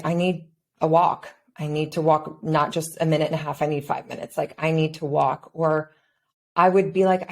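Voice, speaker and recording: A woman hosting a podcast, reflectively retelling her own past thoughts in casual conversation. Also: deep voice. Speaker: podcast host.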